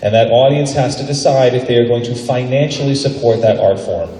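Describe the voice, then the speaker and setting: A man who teaches voice acting, answering an audience question at a convention panel in an animated, playful way. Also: mid-range voice, a little fast. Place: large convention panel room. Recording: echoey hall recorded from far off.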